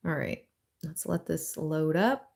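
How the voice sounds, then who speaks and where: A woman giving a casual live-stream tarot reading, chatty and thinking aloud with drawn-out phrases. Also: deep voice, gravelly, darkish tone. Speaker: tarot reader.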